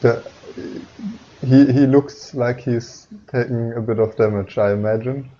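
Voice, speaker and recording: A man's voice: medium pitch, steady tone, unhurried, dark tone, dull audio, slight background noise. A man playing a tabletop game, talking hesitantly with many ums. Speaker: player. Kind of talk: casual game chat.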